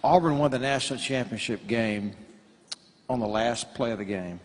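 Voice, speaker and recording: Relaxed male host in an echoing hall. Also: mid-range voice, normal speed. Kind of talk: onstage interview. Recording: echoey hall.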